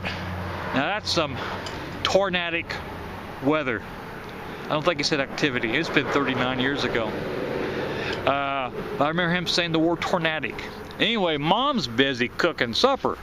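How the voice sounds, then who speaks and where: A man's voice: a little high, bright, forceful tone, slight background noise. A man in his fifties from southwest Ohio, casually telling a childhood memory, rambling with many restarts and repeated words. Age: 50s. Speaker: channel host recalling a storm. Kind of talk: casual spoken memoir.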